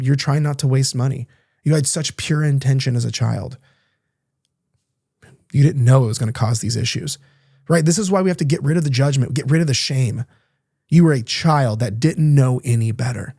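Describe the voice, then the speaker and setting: A man's voice: mid-range voice, brisk, gravelly, dark tone, no room sound, studio quality. A young adult man hosting a podcast, talking candidly and earnestly in a casual coaching monologue, swearing now and then. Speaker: podcast host.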